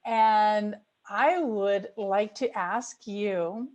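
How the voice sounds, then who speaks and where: Slow-talking, laughing female webinar host. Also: mid-range voice, muffled recording. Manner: warm, laughs easily, slightly flustered. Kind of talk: moderating a webinar Q&A. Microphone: video call.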